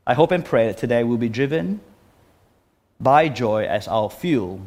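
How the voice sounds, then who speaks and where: An earnest man gives a sermon and then leads a prayer, with a voice of middling pitch. He often pauses and restarts his phrases as he speaks. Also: animated, a little mellow. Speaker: preacher.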